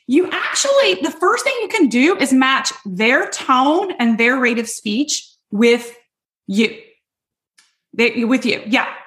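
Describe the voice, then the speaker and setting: A woman sales coach teaching in a loud, hypey, energetic way, talking straight to her listeners and checking they follow. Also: high-pitched. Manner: quick, emphatic, addresses listeners directly.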